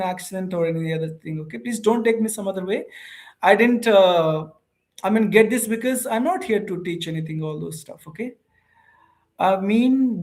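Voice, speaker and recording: A man with an Indian accent chatting casually on a livestream and answering viewers' comments. His speech is halting, full of fillers, restarts and informal address such as bro and ma'am. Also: high voice. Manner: hesitant, many fillers and restarts. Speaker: host of an English practice livestream.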